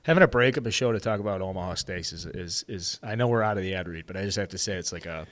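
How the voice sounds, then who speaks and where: Man, sports podcast host, excitable, rambling, swears, casual chat. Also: low voice, fast talker.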